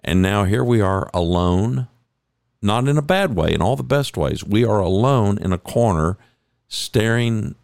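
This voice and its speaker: A man's voice: measured pace, creaky, no echo, clean studio sound. A middle-aged man in a reflective monologue, telling coaching stories with emphatic, rising stresses. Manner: emphatic, builds to higher excited peaks. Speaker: speaker sharing coaching stories.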